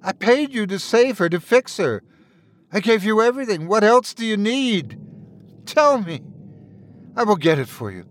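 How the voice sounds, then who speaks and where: A man's voice: sits high, animated, measured pace, a bit bright, voice pushed up. A man doing a sobbing, pleading old man. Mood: desperate pleading. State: crying, pleading. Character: grieving old man begging a spirit.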